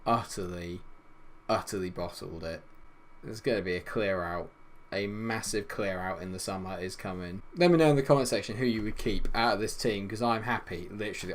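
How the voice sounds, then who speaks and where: A young man commentating on his football management game, swinging between loud exasperation and low grumbling. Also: slight background noise. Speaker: gaming YouTuber.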